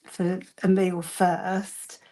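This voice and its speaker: A woman's voice: on the low side, flat delivery, very slow, dark tone. Woman, Birmingham accent, casual crafting chat, rambling, full of fillers. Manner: chatty and rambling, with frequent fillers and laughter. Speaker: co-host of a craft shop live show.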